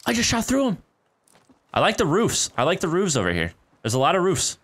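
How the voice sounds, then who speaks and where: High-pitched and brisk, with huge pitch swings and a slightly bright tone, this man streams a shooter live from home. He chats loosely with his audience, laughing frequently and calling them "dude" and "guys," through a desk mic near the keyboard.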